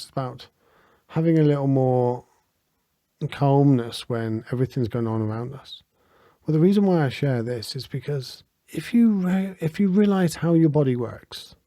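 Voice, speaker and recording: A middle-aged man hosting a reflective podcast, talking in an earnest, gentle and heartfelt way, chuckling often. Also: on the high side, no room sound. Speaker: podcast host and spiritual teacher.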